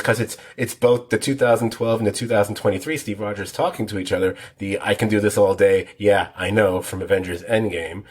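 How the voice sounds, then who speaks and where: A man's voice: lowish voice, breathy edge. A man co-hosting a TV podcast, rambling through details in a casual, self-deprecating way. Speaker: podcast co-host. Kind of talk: casual chat.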